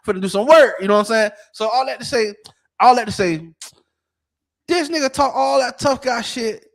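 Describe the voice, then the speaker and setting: A man from Florida with a notably high voice spins a story on a casual podcast. He swears constantly and keeps the telling animated, checking in with his listeners over and over. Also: normal speed. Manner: profane and animated, repeating "you know what I'm saying". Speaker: podcast co-host.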